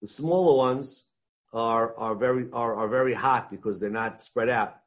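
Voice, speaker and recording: An animated man teaches a Talmud class, sprinkling Hebrew and Aramaic terms through his English and acting out the dialogue. His voice is medium-pitched and he speaks at a normal speed.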